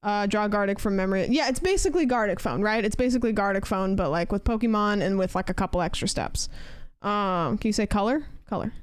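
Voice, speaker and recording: A woman's voice: medium pitch, quick pace, clear, resonant tone, no echo. A young woman streaming a game, chatting casually and rambling as she answers her chat. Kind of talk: casual chat while gaming.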